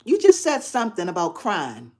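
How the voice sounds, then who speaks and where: A middle-aged woman chatting casually on a phone live stream from a quiet room at home, expressive and quick to laugh. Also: medium pitch. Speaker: craft channel host. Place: quiet spare bedroom at home.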